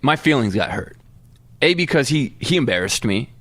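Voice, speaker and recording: A man in his thirties tells a long, animated story to his co-hosts, switching into voices whenever he quotes someone. He sits at a mid pitch, and the recording is close and dry with no room sound. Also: normal speed, no room sound. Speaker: podcast co-host. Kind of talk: casual storytelling chat.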